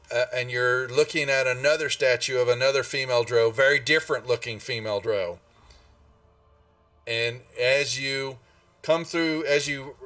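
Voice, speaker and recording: A man narrating as game master in a tabletop game, speaking in a halting way with many restarts. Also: mid-range voice, sharp tone, no room sound, distant mic.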